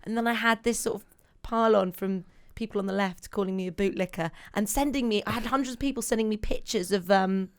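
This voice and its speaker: A woman, a comedian guesting on a podcast, telling stories in an animated way with exasperated asides. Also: medium pitch, quick pace, clean tone. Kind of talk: casual podcast chat.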